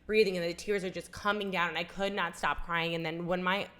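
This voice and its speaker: On a casual podcast, a young female co-host recounts an emotional story from her own life, performing the dialogue and peppering it with "like." Her voice is on the low side, steady and fairly bright, at a fairly quick pace.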